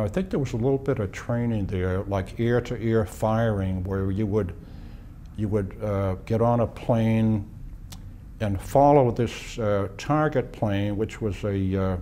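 Mellow-voiced man in his eighties reminiscing. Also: fairly low pitch, slight background noise. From Boston, USA. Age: 80s. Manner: unhurried reminiscing with pauses and restarts. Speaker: interviewee, war veteran. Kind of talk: oral history interview.

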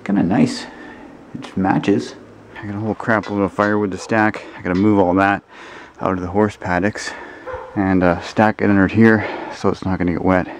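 A man's voice: little pitch movement, normal speed, a little hiss or hum. A man chatting casually to his camera as a vlogger. He talks bluntly, grumbles and swears freely. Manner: high sing-song baby talk to a dog. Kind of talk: casual vlog chat. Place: outdoors on a rural property with horses.

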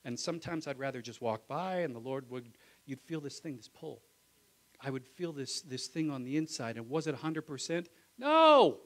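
A male pastor preaching a live Sunday sermon in church, swinging from loud exclamations to hushed asides and calling "Amen?" to the congregation. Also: mid-range voice, moderate pace, low-quality recording. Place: church sanctuary.

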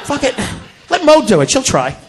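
A male stand-up comedian doing a crude, profane club routine on stage, yelling his punchlines into a handheld mic. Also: very high-pitched, wildly swooping pitch, moderate pace, background noise.

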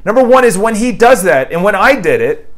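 A man with a high, light voice delivers an emphatic, motivational book review. He talks casually to the camera and hammers his points home by repeating them and firing off lists of questions. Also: big pitch swings, fairly quick. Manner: quotes an author's dialogue in paraphrase. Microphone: new microphone, home video.

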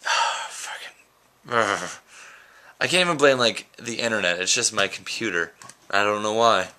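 A young man rambles goofily into the handheld camera at home, making fun of himself as he chats. His voice is lowish but has a sharp, bright edge. It is a loose, unscripted daily vlog. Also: unhurried. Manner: goofy, rambling, self-mocking. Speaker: vlogger. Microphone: handheld camera mic.

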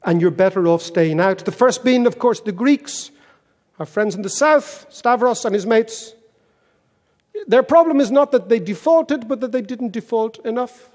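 An Irish man delivers a keynote talk full of stories, wry and self-mocking. His voice sits fairly high for a man. The sound rings with the long reverb of a big hall. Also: expressive, moderate pace, a little mellow. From Ireland. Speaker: keynote speaker.

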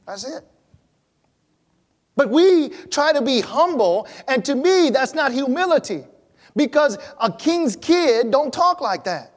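A pastor preaching a sermon in church, animated, swinging between loud emphatic lines and low quiet ones. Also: male voice, takes it slowly.

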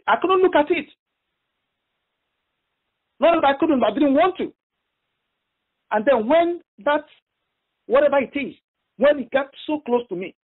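A man preaching a sermon on a phone prayer line, telling a story with halting repeats and emphatic stress. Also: very high-pitched, narrow, tinny audio.

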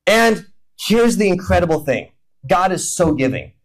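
A man's voice: high-pitched, sing-song, moderate pace, rough recording. A man preaching a humorous sermon, acting out imagined prayers and conversations in playful voices. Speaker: pastor. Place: church hall.

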